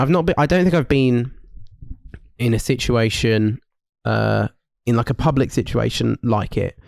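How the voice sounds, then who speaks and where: A man's voice: medium pitch, vocal fry, dry recording, studio quality. Rambling man on a podcast. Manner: rambling, many restarts and fillers, swears. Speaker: podcast co-host. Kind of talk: casual chat.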